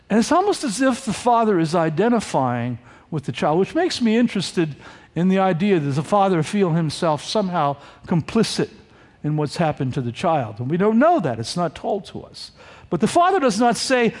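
A man's voice: high voice, normal speed. A man preaching a sermon, teaching verse by verse and acting out the quoted lines. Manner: animated, acts out the quoted lines. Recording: long hall reverb.

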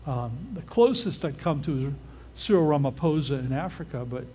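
A man's voice: on the high side, lively intonation, moderate pace, mellow, breathy edge. An older man preaching a casual, conversational sermon who often stops to check in with his listeners. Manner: informal, often checks in with the audience. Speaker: pastor.

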